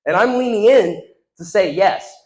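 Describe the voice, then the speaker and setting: A young man doing stand-up, telling an animated story and acting out the other people in it. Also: high-pitched, moderate pace. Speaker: stand-up comedian. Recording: echoey room.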